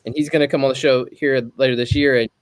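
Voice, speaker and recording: A man's voice: medium pitch, little pitch movement, fast, no echo. A man co-hosting a casual podcast, telling stories and acting out the exchanges with lots of laughter. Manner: storytelling, acts out quoted exchanges, laughs often. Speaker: podcast co-host. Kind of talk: casual group podcast chat.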